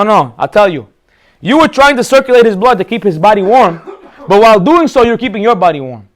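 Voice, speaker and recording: Fast-talking animated rabbi, a man. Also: high-pitched. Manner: animated storyteller, acts out characters. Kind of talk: Torah talk with storytelling.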